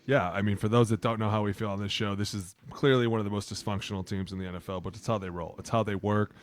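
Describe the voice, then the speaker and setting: Blunt, animated former lineman. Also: fairly low pitch, fast talker. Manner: blunt, animated, acts out quotes. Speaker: podcast co-host, former NFL lineman. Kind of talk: casual sports talk.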